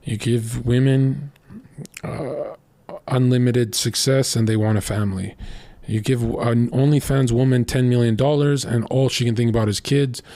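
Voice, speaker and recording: Young guy streaming, blunt and crude, low warm tone, dry close mic. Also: fairly even intonation, moderate pace, no room sound. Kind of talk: casual storytelling monologue.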